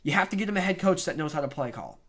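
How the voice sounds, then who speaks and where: A young man with a fairly high-pitched voice delivers an unscripted sports rant. He talks in an opinionated, heated way, stacking up complaints and bold claims. It sounds like a casual fan vlog, not a polished broadcast. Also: very fast. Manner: opinionated, animated, ranting.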